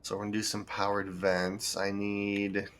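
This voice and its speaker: A man streaming a building game, thinking aloud in relaxed commentary as he sorts items and plans what to build. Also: on the low side, moderate pace, a little hiss or hum. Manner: thinks aloud, with fillers and restarts. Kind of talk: casual gameplay commentary.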